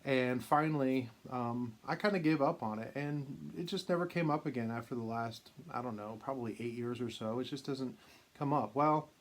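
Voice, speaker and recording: A man's voice: medium pitch, moderate pace. Man telling a rambling personal story. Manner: rambling, anecdotal, many fillers and restarts. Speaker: vintage card collector and channel host. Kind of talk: casual storytelling to camera.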